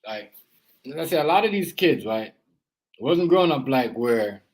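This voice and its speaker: A man's voice: medium pitch, animated, moderate pace, poor audio. Rambling man in casual commentary. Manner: rambling, loose, full of "you know" and "as I said"; earnest, lecturing tone about parenting. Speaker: parent and reaction vlogger.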